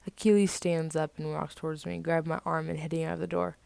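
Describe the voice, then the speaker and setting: A woman from the United States reads her own first-person fiction with a fairly low, gravelly voice. She drops into casual asides between passages, and the sound is close and dry. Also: little pitch movement, quick pace, a little mellow, dry recording. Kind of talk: first-person story reading.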